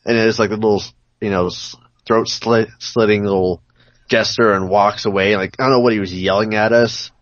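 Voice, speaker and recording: A man's voice: lowish voice, steady tone, normal speed, no echo, lo-fi sound. A man on a casual podcast who tells a rambling story and swears often. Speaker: podcast co-host. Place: home on an online call.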